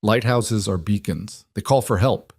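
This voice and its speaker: A man narrating a dramatic story in steady, scripted storytelling. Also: lowish voice, unhurried, husky, dry recording, clean studio sound.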